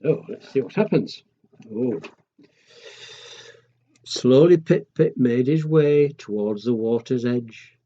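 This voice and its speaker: A man reading a children's picture book aloud in a gentle, chatty way and asking the listeners questions. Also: medium pitch, takes it slowly, pauses often. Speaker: storyteller. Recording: dull lo-fi recording.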